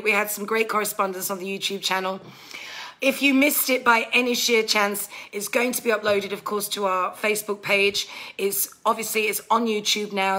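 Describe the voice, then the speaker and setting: Bright-voiced gushing woman hosting a stream. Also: medium pitch. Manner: gushing, warm thanks with many fillers. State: emotional. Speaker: bar owner hosting a live stream. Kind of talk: casual live-stream thanks.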